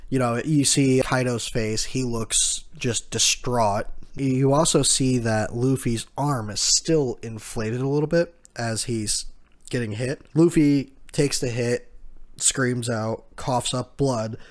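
A man's voice: mid-range voice, takes it slowly. A man hosting a casual manga chapter recap, talking in a hesitant way with many fillers while he reads out quotes. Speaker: manga chapter reaction host.

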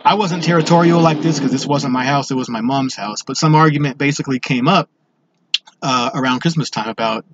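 A man's voice: medium pitch, fairly quick, highs cut off, background noise. Blunt, profane man telling a story. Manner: blunt, swears constantly, rambling asides. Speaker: show host. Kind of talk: profane personal storytelling monologue.

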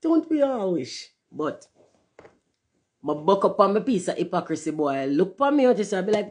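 A woman's voice: very animated, moderate pace, husky. A woman talking candidly to her viewers in a casual livestream monologue, cursing freely and slipping into patois. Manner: candid, profane, swings between loud emphasis and low murmurs; drifts into patois phrasing. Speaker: channel host.

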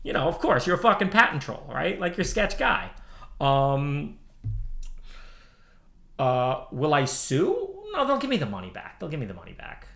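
A man's voice: a little high, wildly swooping pitch, unhurried, creaky, pauses often, a bit bright. A man in his thirties ranting on a livestream, heated and profane, repeating himself as he answers chat. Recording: roomy echo.

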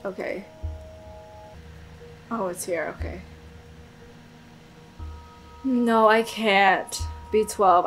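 A woman's voice: mid-range voice, low-quality recording. A young woman doing let's play commentary, swearing and talking emotionally to the characters on screen. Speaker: gaming YouTuber. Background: faint game music.

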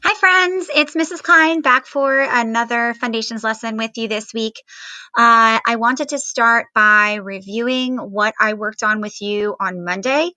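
A woman's voice: on the high side, measured pace, bright, forceful tone, no echo, low-quality recording. A woman teacher giving a recorded phonics lesson to children at home, patiently spelling out words with fillers.

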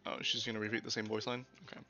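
A young man casually commenting while playing a video game, excitable and swearing freely, on a lo-fi mic. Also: fairly low pitch, very fast, soft background music. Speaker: gaming streamer. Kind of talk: casual let's-play commentary. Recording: lo-fi old mic.

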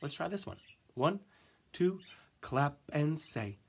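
A man teaching a music lesson to children, counting in and chanting rhythm syllables with gentle encouragement. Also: on the high side, lively intonation, slow, slightly rough.

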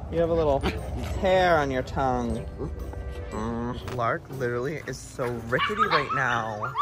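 A man hosting a casual vlog, playful and animated as he chats to his puppies. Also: medium pitch. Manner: animated, playful, baby-talks to dogs. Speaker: vlogger host. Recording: vlog with background music.

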